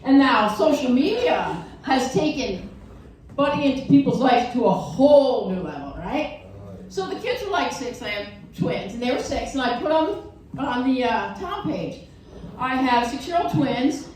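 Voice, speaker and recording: A woman's voice: sits high, normal speed, slight background noise. A middle-aged woman from Wisconsin doing a stand-up comedy set, telling stories with mocking voices, in a venue with a live audience. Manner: animated storytelling with mocking voices. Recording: roomy, distant mic, audience laughter.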